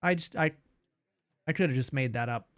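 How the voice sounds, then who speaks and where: A man's voice: medium pitch, moderate pace. A young man streaming a game, chatting animatedly, swearing and laughing as he plays. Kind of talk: casual gameplay commentary.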